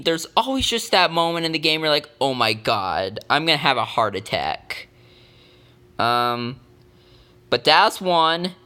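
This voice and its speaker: Lively, bright-voiced male sports fan. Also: mid-range voice, clear, resonant tone. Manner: excitable rambling fan talk. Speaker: vlogger. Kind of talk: casual sports predictions vlog.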